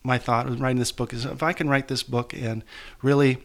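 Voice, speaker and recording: A man being interviewed as an author, telling a painful personal story in a halting, emotional way with many restarts. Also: medium pitch, flat delivery, a bit bright. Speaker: guest author.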